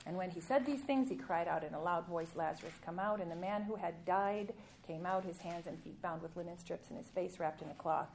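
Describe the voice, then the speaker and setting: A woman's voice: on the low side, a little mellow, slight background noise. Woman preaching and reading scripture. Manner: reads scripture aloud with emphatic rises and pauses.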